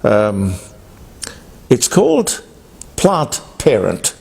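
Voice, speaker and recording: A man's voice: lowish voice, wildly swooping pitch, extremely slow, gravelly, darkish tone, breathy edge. Blunt Australian talk radio man. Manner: emphatic, blunt, digressive. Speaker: radio host. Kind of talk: opinionated talk radio monologue.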